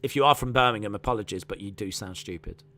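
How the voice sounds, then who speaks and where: Speaking fast in a sharp, lowish voice, a man hosts a live fight watch-along, reading viewers' comments, chatting with them, and calling the action play-by-play. A little hiss or hum is audible.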